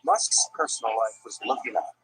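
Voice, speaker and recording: A man narrating a documentary in a measured, dramatic storytelling manner. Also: lowish voice, wildly swooping pitch, creaky, a bit bright, faint music behind, low-quality recording. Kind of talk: scripted narration.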